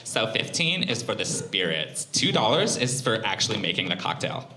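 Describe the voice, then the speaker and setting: A man voicing a straight-faced bartender who explains a charge in a flat, matter-of-fact way. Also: fairly low pitch, moderate pace. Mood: deadpan. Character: deadpan male bartender explaining a surcharge. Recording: roomy comedy club.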